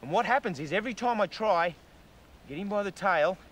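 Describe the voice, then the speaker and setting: Excitable Australian man in the field. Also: sits high. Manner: excitable and animated, quick exclamations. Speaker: wildlife documentary presenter. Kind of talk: on-location wildlife presenting. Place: outdoors in the bush. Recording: noisy outdoor field recording.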